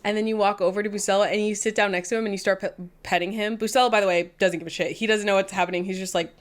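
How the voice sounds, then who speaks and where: A woman's voice: mid-range voice, steady tone, rapid-fire, hardly any pauses. A woman co-hosting a podcast, telling a story in casual chat and laughing often as she goes. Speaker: podcast co-host.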